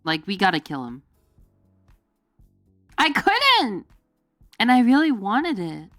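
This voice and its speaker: A woman's voice: mid-range voice, huge pitch swings, slow, a bit bright, no echo, clean studio sound. A woman streamer chatting casually with her viewers, rambling with lots of fillers, giggling, and jumping into goofy quoted voices. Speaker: VTuber streamer. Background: faint background music.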